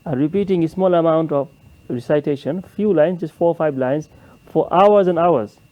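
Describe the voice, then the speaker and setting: A man sitting as a judge on a studio panel, giving earnest, measured advice in simple phrasing. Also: on the high side, dull audio. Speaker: competition judge.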